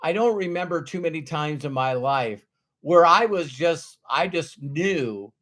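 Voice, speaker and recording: A man from North Dakota, USA, hosts a casual live stream as a motivational speaker, greeting viewers by name and earnestly, emotionally repeating his key lines. His voice is a little high with a fairly bright tone.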